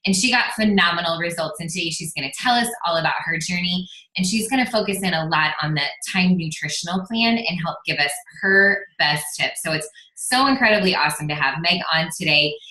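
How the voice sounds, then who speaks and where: A woman host giving an excited, upbeat introduction to a guest. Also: on the low side, fairly quick. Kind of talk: casual livestream intro. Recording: echoey room.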